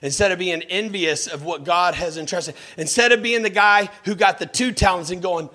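A man's voice: high voice, normal speed, hardly any pauses, pushed and bright. A man preaching a sermon as a pastor. He tells stories about himself, asks his listeners direct questions and jumps into mocking voices.

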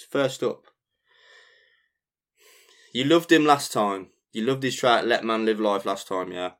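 A fairly low-voiced man from England hosts a DJ podcast in a loose, rambling way. He swears casually and fills his talk with ums and likes, and he sounds relaxed and unscripted. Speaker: DJ and podcast host. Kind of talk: casual chat.

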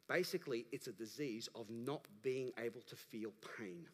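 A man, a pastor delivering an animated sermon that rises to emphatic calls to the congregation. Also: medium pitch, moderate pace. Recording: preached in a large reverberant church hall.

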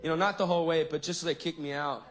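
A man's voice: on the high side, fairly even intonation, fast talker, background noise. A man doing a stand-up comedy routine in goofy, drawling surfer-dude slang.

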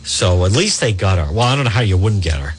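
A man's voice: sits low, big pitch swings, fast, a little hiss or hum. A middle-aged man hosting a talk radio show, reading a news story aloud and adding indignant asides.

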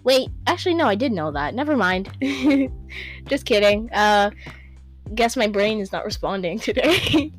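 A woman's voice: a little high, animated, unhurried, soft background music. A young woman hosting a casual solo podcast, rambling, stumbling over hard words and laughing at herself, on a home microphone. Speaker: podcast host.

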